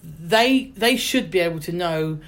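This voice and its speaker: Middle-aged woman chatting away, lowish voice, lots of restarts. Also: lively intonation, measured pace. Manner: chatty storyteller, many restarts. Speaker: actress guest. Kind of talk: casual interview chat.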